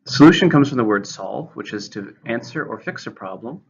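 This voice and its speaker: A man teaches English vocabulary in a methodical way, reading out definitions and example sentences and giving each word's syllables and stress. His medium-pitched, slightly creaky voice moves with lively intonation at a somewhat quick pace. The recording is muffled and lo-fi.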